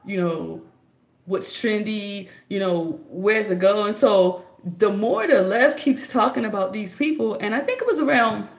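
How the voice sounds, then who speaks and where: A young adult woman vlogging a casual, chatty opinion monologue, telling her story in an animated way. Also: measured pace, echoey room. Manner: chatty, animated storytelling, jumps high to act out her own quotes.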